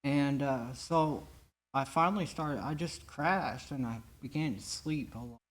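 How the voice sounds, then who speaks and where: A man giving his personal recovery testimony at a church meeting, speaking in an earnest, halting way with frequent restarts. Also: mid-range voice.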